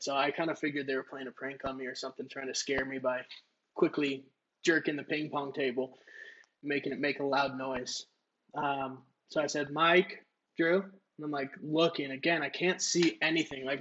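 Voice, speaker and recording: On a podcast, a male co-host with a higher, fairly bright voice rambles through a casual story full of profanity and filler words. The audio sounds dull.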